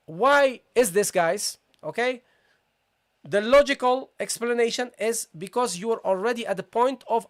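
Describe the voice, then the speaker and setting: A Quran recitation teacher giving a live online tajweed lesson, patiently repeating syllables aloud and checking that viewers follow. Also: medium pitch. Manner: addresses viewers as "guys" and checks understanding.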